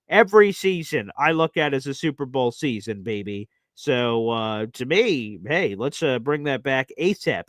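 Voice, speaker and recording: A man hosting a live football talk stream, enthusiastic and animated, often calling listeners "baby". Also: mid-range voice, no room sound, studio quality. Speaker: host of a sports talk show.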